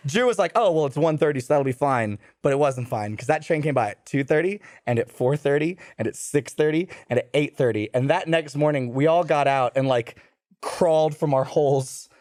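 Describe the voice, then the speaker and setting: A man in his thirties telling a story on a podcast, animated and profane, acting out what people said. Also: fairly high pitch, normal speed, no echo, clean studio sound. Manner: animated, profane, acts out quoted lines. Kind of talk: casual storytelling among friends.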